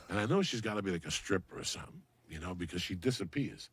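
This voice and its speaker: A man's voice: low-pitched, very fast, few pauses, slightly rough, no room sound. A middle-aged man telling a story on a podcast in a casual, profane way, acting out other people's voices as he goes. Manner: profane, animated, acts out voices in his stories. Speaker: podcast guest.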